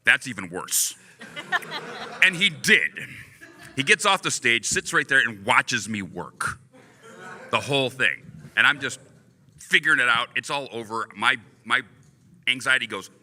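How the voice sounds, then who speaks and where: Animated man in a reverberant hall. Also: mid-range voice, measured pace, long pauses. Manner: lively, laughing, acts out quotes. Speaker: convention panelist. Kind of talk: animated storytelling. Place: convention panel room.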